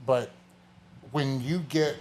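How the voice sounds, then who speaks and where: A male podcast host with a mid-range voice, speaking haltingly and restarting as he reaches for words. Faint noise hangs behind him. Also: mid-range voice, steady tone, a little mellow. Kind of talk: casual interview chat.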